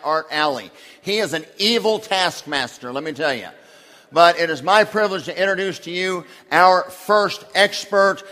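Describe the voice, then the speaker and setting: Man, event host, bright tense tone, enthusiastic introduction, echoing hall. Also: on the high side. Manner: warm, enthusiastic. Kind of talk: speaker introduction. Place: large hall. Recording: hall reverb.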